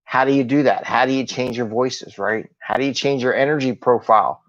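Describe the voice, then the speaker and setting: A man's voice: mid-range voice, steady tone, fairly quick, fairly bright tone. Upbeat man coaching through dull audio. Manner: upbeat, conversational coaching with rhetorical questions. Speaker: host and agile coach. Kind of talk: live solo video talk.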